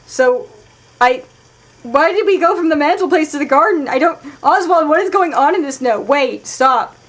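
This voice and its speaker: A woman giving casual live commentary while playing a game, thinking aloud, swearing, and moving between sudden loud outbursts and quiet muttering. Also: high voice, expressive, normal speed. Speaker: let's play streamer.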